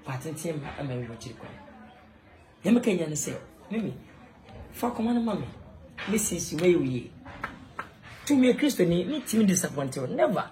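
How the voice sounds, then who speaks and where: A man's voice: high voice, very animated, normal speed, long pauses, dark tone, slight background noise. Ghanaian man rambling in a comedy skit. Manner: rambling, laughing, breaks into singing praise. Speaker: comic actor.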